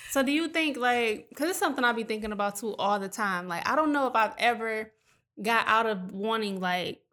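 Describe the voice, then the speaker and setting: A woman chatting candidly in a heart-to-heart conversation, telling stories in an animated way. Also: on the high side, fairly quick. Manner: chatty, animated storytelling, many likes.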